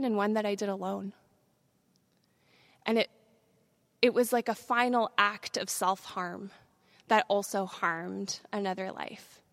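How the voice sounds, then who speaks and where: A young adult woman telling her testimony to a church, moving between hushed confession and loud, fast preaching. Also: fairly high pitch, vocal fry, no echo. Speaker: speaker giving testimony. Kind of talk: sermon testimony.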